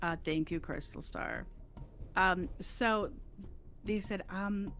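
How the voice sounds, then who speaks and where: A woman's voice: lowish voice, slow pace, pauses often, a bit bright, faint music behind. A woman livestreamer chatting casually, telling a story with lots of laughs and acted-out voices. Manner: chatty, laughing, acts out voices in her anecdotes.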